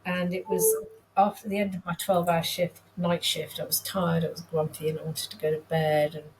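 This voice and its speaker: Guest, woman, 50s, from the UK, lower voice, candid and self-deprecating storyteller. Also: level tone, brisk, a little hiss or hum, low-quality recording. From United Kingdom. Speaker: nurse practitioner guest. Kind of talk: casual conversational storytelling.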